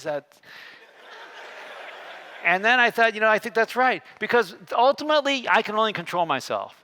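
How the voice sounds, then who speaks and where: A man giving a keynote talk on a conference stage, telling a story and acting out the dialogue with lively shifts in tone. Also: high voice, moderate pace, long pauses. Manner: animated, acts out dialogue with shifting tones. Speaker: keynote speaker.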